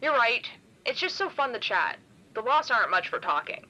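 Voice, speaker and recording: A mocking shadow creature from a horror audio drama, which a woman puts on. It teases in a sing-song, theatrical way, its voice swinging up and down. The sound is bright and comes through a thin, phone-like filter. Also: on the high side, big pitch swings, moderate pace, voice pushed up, full character voice. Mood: teasing. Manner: playful, teasing, sing-song.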